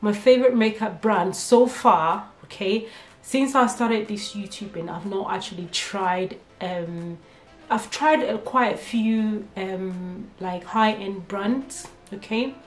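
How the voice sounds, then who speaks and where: A woman's voice: mid-range voice, takes it slowly. Chatty young woman vlogger, echoey room. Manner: chatty and candid, laughs often, many fillers; nervous talking about herself. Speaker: beauty vlogger. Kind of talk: casual get-to-know-me Q&A. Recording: echoey room with faint music.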